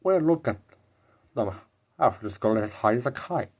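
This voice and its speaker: A man's voice: mid-range voice, expressive, moderate pace, darkish tone. A man putting on a clumsy British accent to voice an amazed male metal fan who swears as he marvels. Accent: put-on British.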